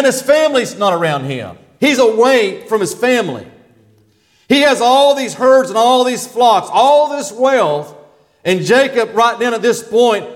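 A preacher with a high, bright voice delivers a sermon to his congregation. He stretches out the words of the scripture he reads and keeps calling for answers from the pews. His voice rings with the long reverb of a large church hall. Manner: Bible reading with drawn-out emphasis; asks the congregation for responses.

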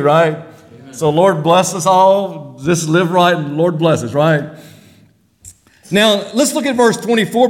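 A preacher with a high, bright voice delivers a sermon to his congregation. He stretches out the words of the scripture he reads and keeps calling for answers from the pews. His voice rings with the long reverb of a large church hall. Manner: Bible reading with drawn-out emphasis; asks the congregation for responses.

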